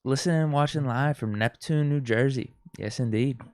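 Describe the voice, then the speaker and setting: A man hosting a casual sports podcast, relaxed and self-deprecating, reading out listener shout-outs. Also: medium pitch, moderate pace, no echo, studio quality. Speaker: podcast host.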